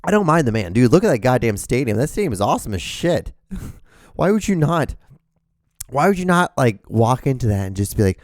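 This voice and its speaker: A man in his thirties hosting his own show, rambling excitably in a casual, profane monologue. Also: medium pitch, a little fast, dry recording, studio quality. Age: 30s. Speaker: show host.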